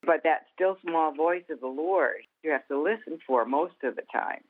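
A woman, a guest author and minister, telling stories in a folksy, animated way during a Christian interview. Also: low voice, normal speed. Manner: animated storyteller, folksy, laughs easily. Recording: tinny phone-like sound.

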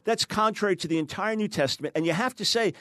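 A guest author in an interview teaches emphatically, explaining things fast and acting out quoted voices. His voice sits high and a bit bright, with no room sound.

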